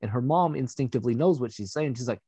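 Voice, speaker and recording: A young man telling a personal story in a casual, blunt way, swearing freely and filling pauses with "you know". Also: mid-range voice, expressive, dark tone, husky, no echo. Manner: candid and profane, with frequent fillers.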